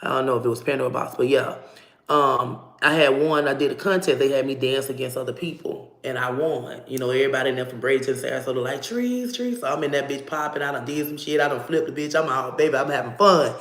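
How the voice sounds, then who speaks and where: A woman telling a personal story to camera in a casual, animated way, swearing freely and acting out what people said. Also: rumbling low, fast, reverberant. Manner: animated, profane, acts out dialogue.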